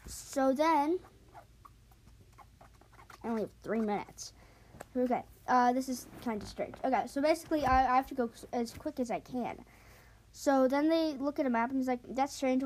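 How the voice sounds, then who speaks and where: A woman casually retelling a book plot in a rambling, hurried way with many fillers. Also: sits high, a little hiss or hum.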